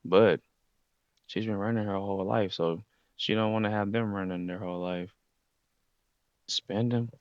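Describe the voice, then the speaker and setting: A young man casually recapping a story in heavy slang, jumping into loud shouted impressions of the characters. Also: on the low side, fairly even intonation, normal speed, long pauses, no room sound. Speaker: anime recap host. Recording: slightly muffled lo-fi recording.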